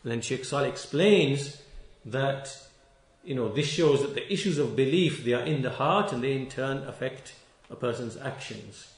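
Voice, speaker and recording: A man's voice: medium pitch, expressive, moderate pace, roomy sound. A man giving a religious lecture, stern and emphatic, repeating key phrases and stretching words for stress. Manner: stern and reproachful toward critics. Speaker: Islamic lecturer.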